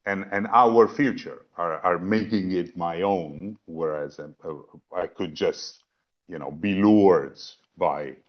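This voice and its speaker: A man with a lowish voice presents a philosophy talk to a virtual audience. He thinks aloud, restarting phrases and tacking on asides. The sound is dull and lo-fi, like a video call. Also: slow pace. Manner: thinking aloud, repeats words, many asides. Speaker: panel presenter.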